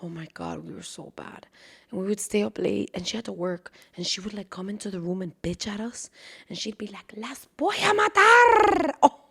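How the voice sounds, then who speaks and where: A young woman hosting a casual solo podcast, chatty and animated, laughing often and swearing freely. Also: medium pitch, a little fast, creaky, slightly rough. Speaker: podcast host.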